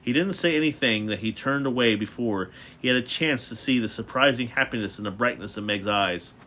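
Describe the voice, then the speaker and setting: A man's voice: mid-range voice, fairly quick, pushed and bright. Man reading a novel aloud, stumbling. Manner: stumbling restarts. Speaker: reader.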